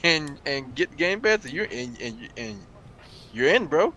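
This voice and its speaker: A young man chatting with friends over voice chat, full of swearing and quick retellings. His voice is bright and forward, with a faint hiss of background noise on the line. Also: a little high, creaky. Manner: profane, animated storyteller acting out quotes. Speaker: gamer chatting in a group voice chat. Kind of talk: casual chat.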